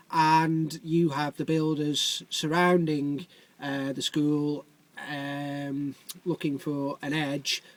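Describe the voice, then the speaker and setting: A man delivering a wry, wordy comic monologue, dry and deadpan, with lots of ums. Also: fairly high pitch, no echo. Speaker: comedic commentator.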